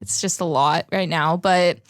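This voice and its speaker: A woman's voice: on the low side, steady tone, unhurried. A woman in her twenties, a podcast guest, talking in casual chat and filling her sentences with lots of "like". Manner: chatty, lots of "like" fillers.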